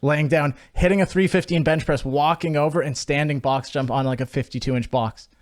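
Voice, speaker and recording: A man's voice: a little high, fairly even intonation, brisk. A man from Canada hosting a podcast in casual chat, rambling with lots of fillers and swearing freely. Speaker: podcast host.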